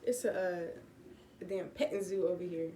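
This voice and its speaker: A woman giving a relaxed, casual Bible teaching from home, rambling with fillers and self-corrections. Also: lowish voice, a little slow, echoey room, a little hiss or hum. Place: home room with pets.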